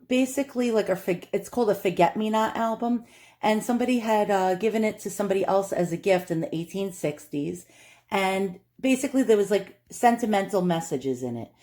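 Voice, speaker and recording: A woman's voice: mid-range voice, moderate pace, darkish tone. A woman with a New York accent chatting in a casual vlog, nervous and self-deprecating, rambling with lots of fillers and restarts. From Long Island, New York. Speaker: vlogger.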